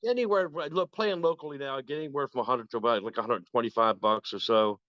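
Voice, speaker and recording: A man's voice: mid-range voice, quick pace, no echo. A man in his sixties, a guest guitarist telling stories in a casual chat and acting out the voices he quotes. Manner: animated, acts out quoted voices. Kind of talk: casual storytelling. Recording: dull lo-fi, dry.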